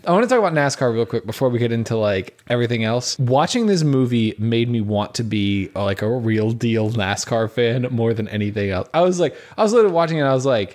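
A man from Virginia co-hosting a film podcast, excitable and quick to laugh as he reads out film facts. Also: mid-range voice. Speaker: podcast co-host. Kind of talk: casual chat.

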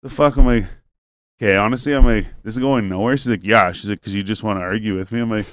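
A man's voice: fairly low pitch, fairly even intonation, fast talker, fairly bright tone, no room sound. A man telling a long, rambling story in casual chat, cursing freely and acting out both sides of a phone call.

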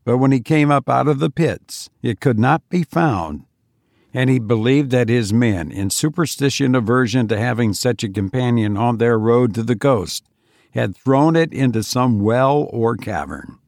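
A man narrating a first-person story in a measured, even way. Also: medium pitch, vocal fry, no echo, studio quality. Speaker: audiobook narrator.

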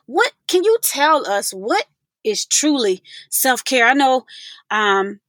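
A woman with a slightly high, bright voice hosts a casual podcast, effusive and chatty, laughing often and calling listeners "y'all." The recording is close and dry, with no echo.

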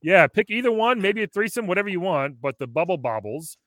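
A man's voice: high-pitched, big pitch swings, brisk, a bit bright, no echo, clean studio sound. A man hosting a show, chatting casually and playfully, laughing often and joking crudely. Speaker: show host. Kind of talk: casual chat.

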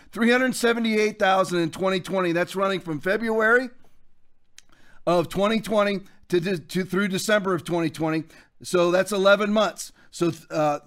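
High-voiced preachy male podcast host. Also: fairly bright tone. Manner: emphatic, preachy, reads Bible verses aloud. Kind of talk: political commentary monologue.

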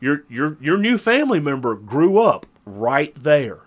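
A man's voice: fairly high pitch, big pitch swings, measured pace. A man with a Southern Virginia drawl, telling rambling stories in casual chat as a podcast co-host. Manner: rambling storyteller, chuckles often.

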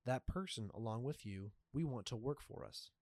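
A man voicing a calm, cryptic male jaguar spirit who speaks slowly and softly in a storybook reading. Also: medium pitch, no echo. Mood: solemn. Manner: slow, deliberate and soft-spoken.

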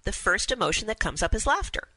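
A woman's voice: medium pitch, very animated, fast talker, pushed and bright, slight background noise. A woman in casual conversation, telling a personal story candidly and animatedly, acting out quotes. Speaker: podcast guest storyteller. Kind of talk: casual chat.

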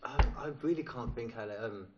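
A man's voice: medium pitch, brisk, noisy background. A man from England in casual chat, hesitant and self-mocking as he fumbles accent impressions. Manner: hesitant, self-deprecating, laughs at his own attempts. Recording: dull lo-fi recording.

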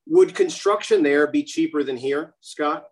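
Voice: medium pitch, huge pitch swings, creaky. Host asking question after question, casual, curious. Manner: inquisitive, rapid-fire questions. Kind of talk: interviewing guests in a casual chat.

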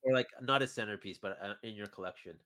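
A man's voice: on the low side, fast talker, sharp tone. A man co-hosting a podcast in casual chat, rambling from point to point with chuckles in between. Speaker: podcast co-host.

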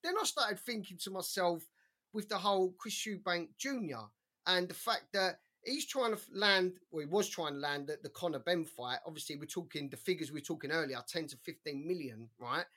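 A man co-hosting a boxing podcast, talking in an animated, slangy way with plenty of swearing. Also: high-pitched, normal speed. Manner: animated, swearing, slangy, quotes others in put-on voices. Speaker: podcast co-host. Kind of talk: casual podcast chat.

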